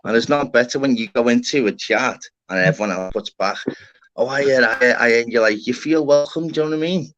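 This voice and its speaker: A man's voice: medium pitch, fast, a bit bright. A man chatting casually on a live stream panel, rambling and swearing, full of "innit" and "lad". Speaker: livestream host. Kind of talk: casual chat. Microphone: live stream panel, online call. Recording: muffled lo-fi stream audio.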